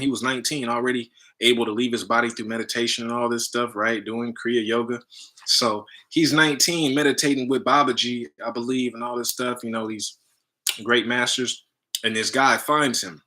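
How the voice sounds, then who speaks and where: A man's voice: medium pitch, bright, forceful tone. A man and spiritual teacher telling a story in loose, slangy casual talk, full of "you know" and "right?".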